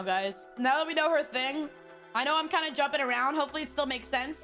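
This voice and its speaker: A woman's voice: sits high, fast, bright, forceful tone, faint music behind. A woman streamer chatting casually while playing a story game, giggly and talking to her chat.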